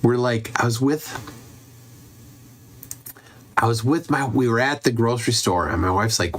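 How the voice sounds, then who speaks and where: A man's voice: mid-range voice, expressive, takes it slowly, pauses often, a bit bright. A man hosting a casual livestream, telling stories in a rambling, self-interrupting way. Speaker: livestream host. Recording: faint background noise and clicks.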